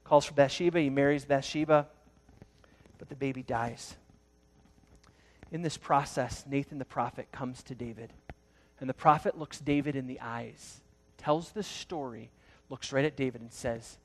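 A pastor delivering a sermon with a slightly higher-than-average voice. He tells the story dramatically, jumping from loud, fast bursts to hushed, slow words.

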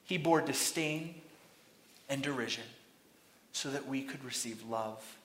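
A man preaching a sermon, retelling a story dramatically and shouting out the crowd's lines. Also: mid-range voice, unhurried, reverberant, slight background noise.

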